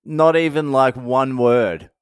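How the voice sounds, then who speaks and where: A man's voice: mid-range voice, slow pace, clear, resonant tone, no room sound, studio quality. Sweary Australian man ranting in a vlog. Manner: sweary, animated, laughing at himself. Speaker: vlogger. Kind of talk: casual storytelling rant. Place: indoors, at home.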